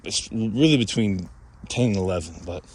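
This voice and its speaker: A man's voice: lowish voice, expressive, moderate pace, darkish tone. A young man talking casually to the camera while out walking, rambling and self-conscious, full of fillers and restarts. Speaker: vlogger. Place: outdoors by a street. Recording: outdoor street noise behind.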